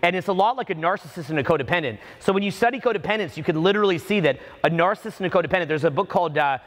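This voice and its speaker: A man, a dating coach, telling stories to a live seminar audience, profane and animated. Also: high-pitched, rapid-fire. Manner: profane, animated, acts out the people in his stories. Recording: long reverb of a seminar hall.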